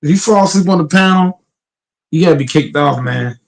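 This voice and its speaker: A man hosting a sports talk panel in a slightly higher-than-usual voice. He talks in loose, emphatic bursts, swears freely, and doubles up words as he restarts a thought. The delivery is casual and argumentative. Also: fairly quick, vocal fry, low-quality recording. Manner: emphatic, profane, repeats words when restarting.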